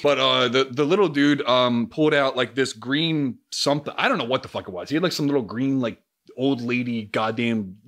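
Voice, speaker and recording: A young man telling a story in a casual vlog, energetic and profane. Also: medium pitch. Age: young adult. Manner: energetic, profane, swings into loud outbursts. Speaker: YouTuber.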